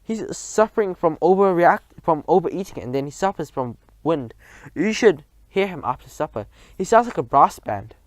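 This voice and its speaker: A man reading a storybook aloud, voicing a prim, snobbish middle-aged woman in a shrill, indignant voice. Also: lively intonation, moderate pace, no room sound, close to an everyday voice.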